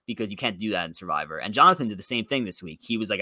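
A man with a bright voice recounts what happened on the show in an easy, conversational way, with the occasional "you know." The sound is close and dry, with no room around it. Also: on the low side, lively intonation, quick pace, few pauses, no echo. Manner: conversational, recounting events with fillers. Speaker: podcast co-host. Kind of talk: casual chat.

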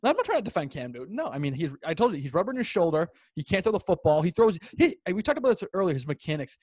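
A young man with a high voice runs a casual sports chat, getting worked up and cursing freely as he tells his stories. The recording is close and dry, with no room sound. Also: rapid-fire, no room sound. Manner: excitable, swearing, animated storyteller. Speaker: podcast co-host.

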